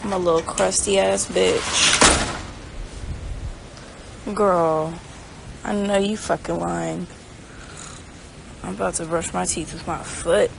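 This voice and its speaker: A woman's voice: lowish voice, steady tone, slow pace, vocal fry, pauses often, noisy background. A young woman chatting casually on a livestream at home, rambling and swearing freely as she reads viewer comments aloud. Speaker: singer on a livestream. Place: home, indoors. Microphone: phone.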